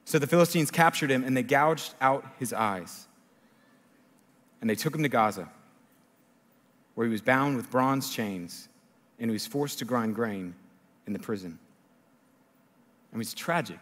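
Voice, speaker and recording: A man preaching a sermon, telling a story in an animated way that jumps between loud emphasis and hushed asides. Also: medium pitch, unhurried, pauses often, long reverb tail. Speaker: pastor.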